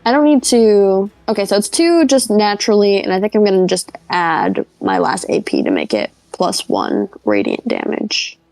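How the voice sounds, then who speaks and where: A woman with a mid-range voice talks through her options in a tabletop game, hesitating and filling pauses as she plans. Faint music sits behind her. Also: mid-range voice, very animated, a little mellow, dry recording, poor audio. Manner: hesitant, thinks aloud with fillers. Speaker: player. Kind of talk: casual tabletop game chat.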